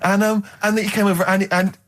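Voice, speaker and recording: A man co-hosting a radio comedy show, his voice sitting a little high. He tells stories in an animated, halting manner, stopping for filler words and vocal sound effects, close on a studio mic. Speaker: radio co-host. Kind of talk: comic storytelling on radio.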